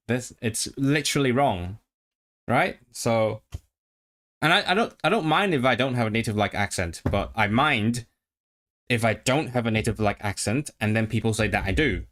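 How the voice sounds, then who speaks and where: A man's voice: mid-range voice, normal speed, fairly bright tone. A man chatting casually on his own livestream, thinking aloud with many restarts and stopping to practice trilled R sounds. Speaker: streamer.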